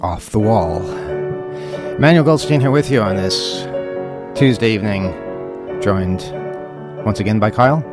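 A man's voice: lowish voice, animated, normal speed, long pauses, music in the background. A man hosting a talk radio show, chatting wryly and tripping over his words. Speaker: radio host. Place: radio studio.

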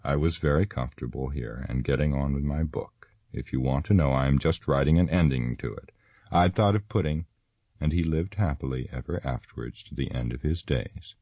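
A fussy old hobbit, as a deep-voiced man puts him on talks briskly and pokes fun at himself. The voice stays very low and the recording is dry. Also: dark tone, no echo. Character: elderly, fussy male hobbit.

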